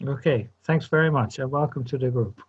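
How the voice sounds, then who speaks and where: A man runs an online seminar over a video call, welcoming people in a halting way with plenty of ums and repeated words. His voice is slightly husky, and the call audio sounds dull and muffled. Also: medium pitch. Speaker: seminar facilitator.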